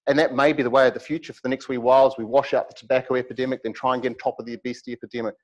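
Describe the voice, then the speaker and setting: A middle-aged man giving a university lecture, lively and animated with humorous asides. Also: mid-range voice, rapid-fire, dull audio. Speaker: academic lecturer.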